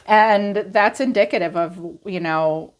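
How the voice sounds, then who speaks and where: A congested woman with a raspy voice, giving a casual tarot reading and musing aloud as she clears her throat now and then. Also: mid-range voice, a little slow. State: congested from allergies. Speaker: tarot reader.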